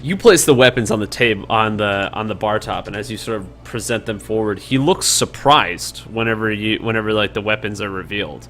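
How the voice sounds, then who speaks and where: A man's voice: on the low side, brisk, few pauses, bright, forceful tone, faint music behind. Man narrating as game master. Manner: loose, laughing narration with fillers.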